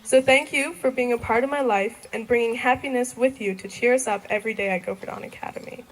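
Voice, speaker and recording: A woman's voice: on the high side, fast, low-quality recording. A young woman in her late teens giving a graduation thank-you speech, giggling often between sentences. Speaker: graduating student.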